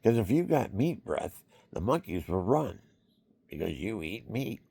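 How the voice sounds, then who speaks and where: Deep, gravelly man rambling on. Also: sing-song, measured pace, warm tone, no room sound, studio quality. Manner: rambling, repetitive, acts out quoted voices. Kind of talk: rambling monologue.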